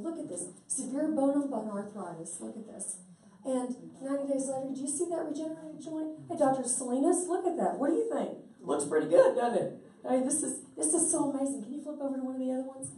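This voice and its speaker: A woman's voice: sits high, dark tone. A woman, telling stories in a folksy, chatty way and acting out what people said. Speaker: speaker promoting stem cell treatment. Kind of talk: animated storytelling talk. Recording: roomy sound from a distant mic.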